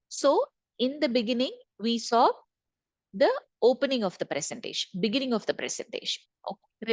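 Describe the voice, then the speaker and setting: A woman's voice: mid-range voice, no echo. A woman trainer leading an online session, repeating key points and asking the group questions. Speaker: corporate trainer. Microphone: video call.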